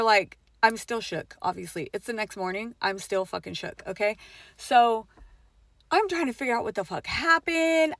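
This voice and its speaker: A woman's voice: on the high side, fairly bright tone, dry recording, clean studio sound. A middle-aged mother telling a personal story in a casual vlog, swearing often, with lots of fillers and emphatic swings.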